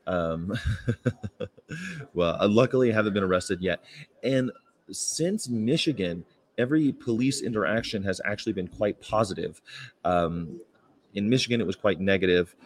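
A man with a somewhat low voice talks casually to his livestream audience from outdoors on a campus. He tells meandering stories, full of fillers and short laughs. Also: normal speed. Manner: rambling, anecdotal, with frequent fillers and laughs. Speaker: vegan activist livestreamer. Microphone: phone or camera.

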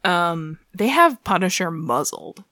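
Woman podcast co-host, low-ish voice, dry close sound, chatty recap full of laughs and swearing. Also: big pitch swings, slow pace, bright, forceful tone, no echo. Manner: laughing, profane, joking asides. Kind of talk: casual recap chat.

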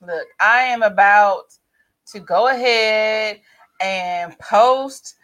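A woman's voice: mid-range voice, extremely slow, a bit bright, poor audio. A woman co-hosting a casual podcast, laid-back and amused in her replies. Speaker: podcast co-host.

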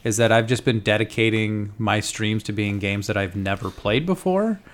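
A man who streams games, chatting excitedly and in a friendly way on a podcast. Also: on the low side, moderate pace. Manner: excited, friendly, says dude a lot. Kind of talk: casual chat about video games.

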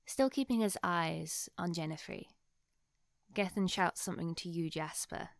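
A woman's voice: fairly low pitch, normal speed, creaky, no room sound. Woman game master with a dry sound. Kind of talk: narrating a tabletop game.

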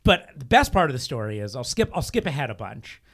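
Bright-voiced young man telling a rambling story. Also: medium pitch, a little fast. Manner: rambling, animated, lots of fillers and laughter. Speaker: storyteller guest. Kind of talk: casual storytelling.

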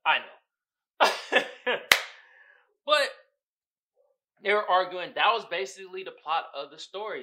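A man's voice: a little high, sharp tone, poor audio. A young man from the Bay Area hosting a podcast, ranting about a movie in slangy, profane casual talk and laughing often. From San Francisco Bay Area. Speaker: podcast host. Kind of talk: casual movie-review rant.

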